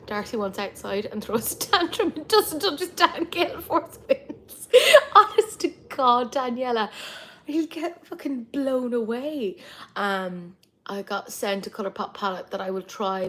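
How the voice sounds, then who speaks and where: A woman's voice: on the high side, measured pace. Chatty Irish woman on a livestream. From Ireland. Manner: chatty, lively, frequent laughs and asides. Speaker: livestream host. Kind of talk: casual live chat with viewers.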